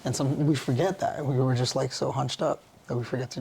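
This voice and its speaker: A man speaks in an earnest, musing way as a podcast guest. His phrasing is loose and slangy. His pitch sits in a mid range. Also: fairly even intonation, brisk, creaky, darkish tone, slight background noise. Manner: earnest, musing, with easy laughs. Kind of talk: casual reflective conversation.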